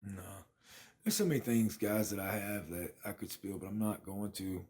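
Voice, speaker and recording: A man's voice: fairly low pitch, steady tone, moderate pace, darkish tone, slightly rough. A man, chatting casually on a phone livestream from his apartment and thanking viewers by name. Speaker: livestream host.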